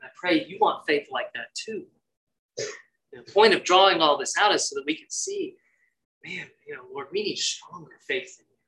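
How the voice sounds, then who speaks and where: A man's voice: fairly high pitch, sing-song, moderate pace, pushed and bright, low-quality recording. A man preaching a devotional sermon in an earnest, prayerful way, acting out quoted lines with lifted energy.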